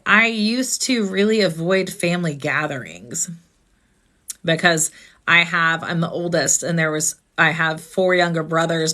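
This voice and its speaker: A woman hosts a live stream in an earnest, conversational way. She speaks with a slightly low voice and asks reflective questions. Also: bright, forceful tone. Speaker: host.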